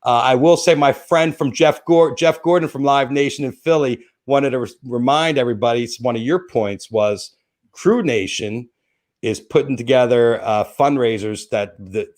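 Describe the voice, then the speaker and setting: A chatty man with a New Jersey accent runs a casual interview at a mid-range pitch. He rambles eagerly, restarting sentences as ideas tumble out. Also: a little mellow. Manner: rambling, enthusiastic, frequent restarts. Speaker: host.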